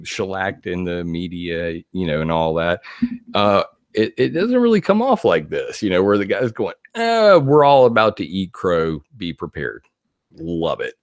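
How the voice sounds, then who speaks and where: A man giving casual commentary on a video, animated and laughing often as he reads quotes aloud. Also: low voice, no room sound, clean studio sound. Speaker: video blogger.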